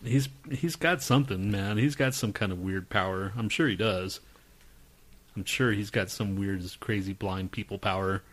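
A man's voice: on the low side, moderate pace, a bit bright. A man co-hosting a podcast, chatting in a crude, profane and irritable way. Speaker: podcast co-host. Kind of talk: crude casual banter.

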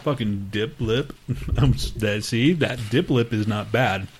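A man's voice: on the low side, a little slow, slight background noise. A man hosting a podcast in casual chat, crude and joking, swearing often and laughing a lot. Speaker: podcast host.

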